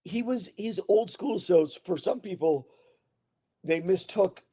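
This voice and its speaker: A man's voice: sits high, a little slow, warm tone, husky. A man guest on an interview, telling rambling anecdotes full of restarts and fillers, acting out the lines of the people in his stories. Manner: acts out other people's lines when retelling. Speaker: guest actor. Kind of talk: casual storytelling interview.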